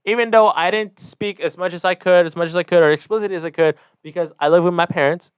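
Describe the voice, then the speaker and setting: A man in his twenties from Mexico rambles through a solo podcast rant. He talks fast, in a somewhat high voice, and keeps going off on asides. The sound is close and dry. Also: fairly even intonation, clear, resonant tone, no echo. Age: 20s. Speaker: podcast host.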